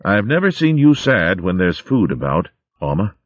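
A strong, kindly warrior mouse, as a man puts him on, speaking gently and reassuringly in a voice close to the reader's own deep one. The storybook sound is dry and slightly muffled. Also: big pitch swings, moderate pace, dry recording.

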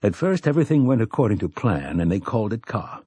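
Male narrator reading a book, dark mellow voice, steady pace, dry close sound. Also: fairly low pitch, breathy edge, no echo. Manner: measured, even reading. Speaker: audiobook narrator. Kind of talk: scripted narration.

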